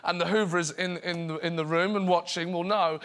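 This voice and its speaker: A man in his thirties, a comedian guest on a talk show, telling stories in an animated way and shouting out bits. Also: sits high, fairly quick, clean tone. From England. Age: 30s. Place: TV studio with live audience. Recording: studio with loud audience laughter.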